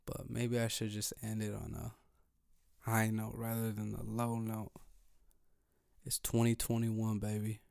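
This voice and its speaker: Chill podcast guy, low gravelly voice, talks slow and flat, thinking out loud. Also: no echo, studio quality. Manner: slow, calm, thinking aloud; low-energy, laid-back. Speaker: podcast host. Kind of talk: solo motivational podcast talk.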